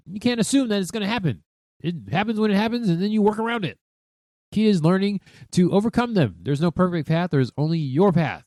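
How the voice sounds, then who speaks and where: A man in his thirties hosts a solo podcast, swearing freely and piling on emphasis as he talks things through with himself. His pitch swings widely from low mutters to high exclamations. The sound is close and dry, with no room around it. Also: a little mellow, dry recording. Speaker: podcast host.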